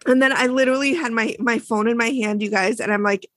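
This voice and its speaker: A woman co-hosting a casual podcast, telling a scary story with animated, exaggerated drama and acted-out dialogue. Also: on the high side, fast talker, no echo. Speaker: podcast co-host. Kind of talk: casual chat.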